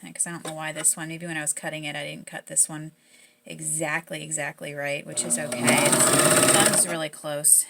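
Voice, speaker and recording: Southern lady talking thru a sewing project, low-ish voice, laid back, fixes her words as she goes. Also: steady tone, brisk, vocal fry, heavy background noise. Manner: chatty, self-correcting, easygoing. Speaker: sewing tutorial host. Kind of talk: casual step-by-step sewing demonstration.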